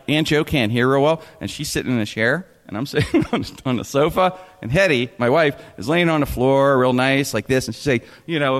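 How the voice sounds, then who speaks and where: A man telling a comic story in an animated way, laughing often and tripping over his restarts. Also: medium pitch, big-room sound.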